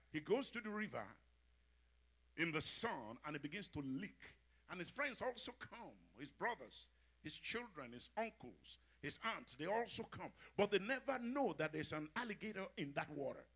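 A man's voice: high voice, normal speed, no room sound. A male preacher giving a sermon, telling stories and acting out the characters with frequent laughter. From Africa. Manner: animated storytelling, acts out characters, laughs often.

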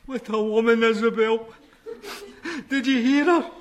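An actor with a Scottish accent playing a cocky, sentimental young neighbour in a sitcom who boasts about himself. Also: male voice, extremely high pitch, fairly even intonation, measured pace, muffled recording.

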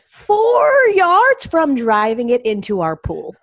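Animated young woman spinning anecdotes. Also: slow, dry recording. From Atlanta, US. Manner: animated, acts out her dad's voice with big pitch jumps. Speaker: sports TV anchor, podcast guest. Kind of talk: casual storytelling chat.

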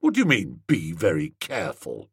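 A man's voice: mid-range voice, big pitch swings, takes it slowly, a bit bright, dry recording, clean studio sound, heavily acted. Man voicing Tuppy, a jealous accusing gent. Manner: hotly accusing, snorting. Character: indignant jealous young English gentleman. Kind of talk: audiobook character voice.

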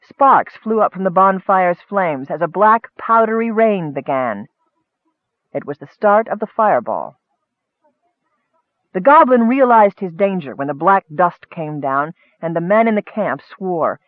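A man narrating a fantasy story in steady storytelling, lifting his voice for action. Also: sits high, measured pace, no room sound. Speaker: audiobook narrator. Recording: dry, tinny phone-like sound.

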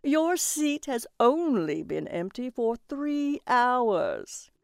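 A woman voicing a smug auctioneer in a read-aloud story, with a slow, mocking, drawn-out delivery. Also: a little high, wildly swooping pitch, vocal fry, no room sound, studio quality, voice pushed up, heavily acted.

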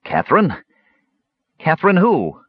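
A man's voice: fairly high pitch, huge pitch swings, unhurried, slightly rough, dry recording, narrow, tinny audio, voice pushed up, exaggerated voice. A man voicing a small, frightened male kender under a ring's curse, swinging between eerie menace and pleading in an audiobook. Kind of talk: audiobook character voice.

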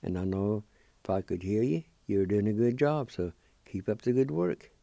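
Gravelly, dark-voiced man, slow syllable-by-syllable pronunciation teacher, dry close sound. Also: on the low side, lively intonation, no echo. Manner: spells and sounds out words slowly, syllable by syllable. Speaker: language teacher and radio host.

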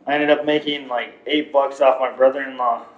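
A man telling animated, profane stories in casual chat. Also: mid-range voice, fairly quick. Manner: animated, swearing storyteller. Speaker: podcast guest. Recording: roomy, dull lo-fi sound.

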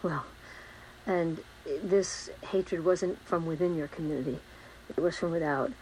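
A woman's voice: on the low side, a little slow, darkish tone, slight background noise, rough recording. A woman anchoring a live news interview, asking probing questions with some fillers.

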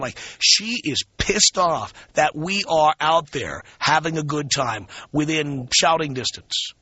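A male talk radio host tells a blunt, emphatic story in a loose, conversational monologue. His voice is bright, tense and a bit higher than most men's. The broadcast sounds dull and lo-fi. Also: a little hiss or hum.

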